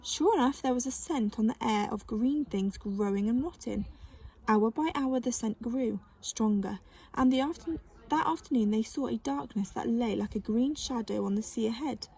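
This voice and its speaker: A woman reading a children's novel aloud with gentle, expressive storytelling. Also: on the high side, moderate pace, gravelly, breathy edge. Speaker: narrator.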